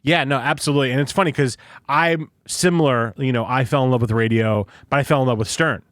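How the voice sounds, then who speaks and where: A man's voice: mid-range voice, quick pace, fairly bright tone, no echo. A young man hosting a podcast in casual chat, rambling and swearing, recorded on a studio microphone. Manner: swearing, rambling, laughs often. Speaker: podcast host.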